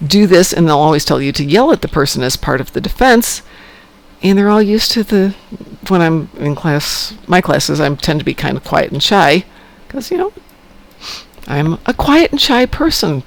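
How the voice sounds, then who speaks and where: A man's voice: fairly high pitch, gravelly. A man hosting a live game stream, chatting in a friendly, easygoing way with teammates. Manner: chatty, friendly, laughs often. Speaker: livestream host. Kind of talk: casual gaming chat.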